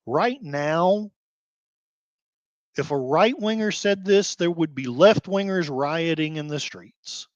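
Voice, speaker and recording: A man on a dull, dry recording, delivering an emotional commentary rant. He swings between quiet, sighing stretches and quick, heated bursts. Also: a little high, lively intonation, no room sound. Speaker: blogger host.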